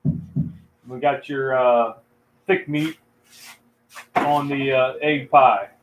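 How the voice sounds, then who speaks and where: A man's voice: medium pitch, fairly even intonation, lo-fi sound, a little hiss or hum. A man hosting a family cooking livestream, talking in an easygoing way that halts often on fillers. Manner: easygoing, halting with many fillers. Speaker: cooking show host. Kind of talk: casual livestream chat.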